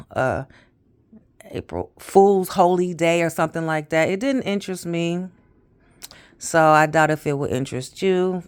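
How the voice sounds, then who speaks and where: A woman in her fifties talking straight to her viewers in a loose, chatty storytelling way. Her voice sits low but swings widely in pitch. She wanders off track and lets sentences trail away with casual fillers. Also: clean tone. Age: 50s. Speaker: vlogger.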